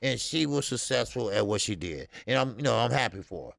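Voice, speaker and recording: A man with an American accent hosting a live boxing talk stream, answering chat in a loose, animated way with lots of fillers. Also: medium pitch, fairly quick, creaky, no echo, clean studio sound. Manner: animated, talks straight to chat, many fillers and restarts. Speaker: boxing show host.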